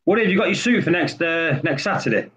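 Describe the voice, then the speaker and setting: A man co-hosting a casual live-stream chat, teasing and cracking quick jokes. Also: on the high side, animated, a crowd in the background.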